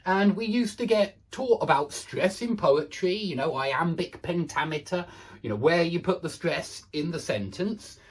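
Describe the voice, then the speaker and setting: A man teaching an online English pronunciation lesson in a chatty, self-deprecating way, slowing down to model each word. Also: fairly high pitch, lively intonation, slightly rough. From England.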